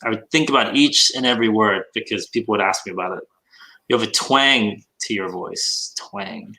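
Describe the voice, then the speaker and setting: Bright-voiced podcast host, chatty and curious. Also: male voice, fairly low pitch, quick pace, rough recording. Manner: curious, chatty, asks questions. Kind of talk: casual chat.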